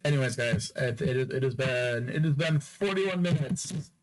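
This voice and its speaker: A man of ordinary pitch hosts a casual podcast on his own, rambling and teasing his listeners. He repeats his lines again and again in a loose, playful way. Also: moderate pace, slight background noise, rough recording. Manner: rambling, jokey, repeats phrases over and over. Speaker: podcast host. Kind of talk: casual solo podcast sign-off.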